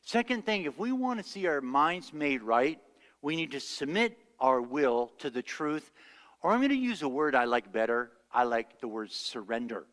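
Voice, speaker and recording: A man's voice: medium pitch, animated, moderate pace, fairly bright tone, in a large hall. A male pastor preaching a sermon, telling stories and acting out the voices he quotes. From United States. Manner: storytelling, acts out quoted voices. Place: church sanctuary.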